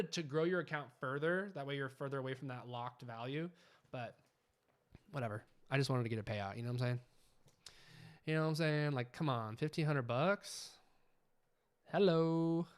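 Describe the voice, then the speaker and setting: Guy hosting a live trading stream, casual and hyped, smooth clear voice, mid pitch. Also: moderate pace, pauses often. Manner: chatty, excitable, keeps asking "you know what I'm saying".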